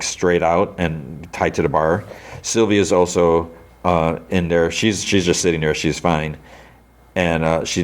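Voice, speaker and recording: A man hosting a podcast, casually retelling a TV episode in a rambling way with lots of filler words and quick imitations of the characters. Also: sits low. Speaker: podcast host.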